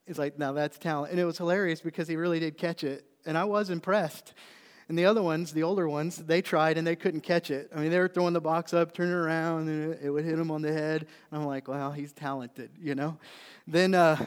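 A middle-aged man, a pastor preaching a sermon, telling a story and then building into animated emphasis. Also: fairly high pitch, fairly quick, clean tone. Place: church sanctuary. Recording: long reverb of a church hall.

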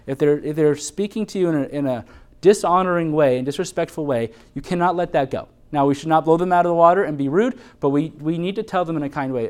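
An earnest male preacher talks through a sermon in a loose, conversational way, restarting phrases and laughing lightly. His voice sits a little high for a man. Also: expressive, quick pace. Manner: shifts into high mock voices quoting mothers. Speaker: pastor. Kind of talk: sermon on parenting.

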